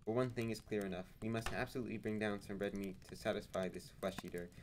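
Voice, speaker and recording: A prim, loyal manservant from a storybook, voiced by a man. He banters in a fussy, complacent tone, pitched a little high over a faint hiss. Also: fairly even intonation, fast talker, close to an everyday voice. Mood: mock alarm.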